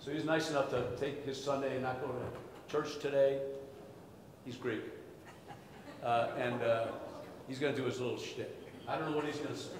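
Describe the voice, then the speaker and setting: A man's voice: medium pitch, fairly even intonation, moderate pace, long pauses, a little hiss or hum. A man, an orthopedic surgeon, telling wry, self-deprecating family stories in a keynote speech at a conference. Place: conference hall. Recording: long hall reverb.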